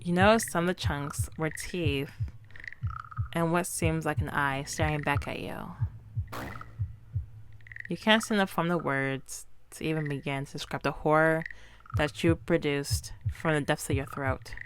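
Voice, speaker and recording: A woman's voice: low-pitched, unhurried, background noise. A woman streaming a horror game, reading its narration and dialogue aloud and breaking off to react.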